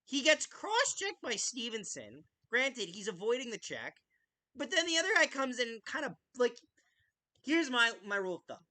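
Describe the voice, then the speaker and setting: A woman hosting a casual live hockey commentary, calling the play with loud bursts and frequent swearing. Her voice sits high and bright and cuts through clearly. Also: moderate pace. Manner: excitable, swears freely, shouts goal calls. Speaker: podcast host.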